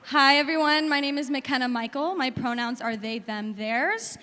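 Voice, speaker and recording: A woman's voice: high-pitched, normal speed, pushed and bright. A woman introducing herself as an actor and teacher, cheerful and bubbly. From Orange County, California. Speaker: actor and musical theater teacher. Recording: reverberant hall with a faint audience.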